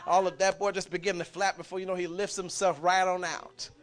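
A man preaching a sermon, folksy and impassioned, swinging from quiet talk to shouting. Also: sits high, flat delivery, brisk. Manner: folksy, dialect speech.

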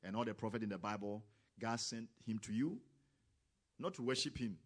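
A male preacher delivering a sermon in a somewhat low voice. He talks with grammar and acts out the voices he quotes. His delivery is emphatic and keeps building to loud exclamations. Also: moderate pace.

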